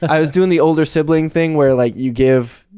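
Easygoing man with a smooth voice. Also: on the high side, moderate pace, dark tone, no echo, studio quality. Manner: laid-back storyteller, laughs easily. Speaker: podcast co-host. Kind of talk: casual chat.

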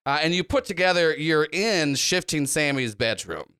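High bright-voiced male game master. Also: animated, moderate pace, clean tone. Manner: rambling, filler-heavy narration. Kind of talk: narrating a tabletop game.

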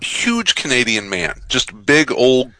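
Brash, bright-voiced teasing man. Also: medium pitch, big pitch swings, slow pace, rough recording. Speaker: podcast co-host. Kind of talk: casual chat.

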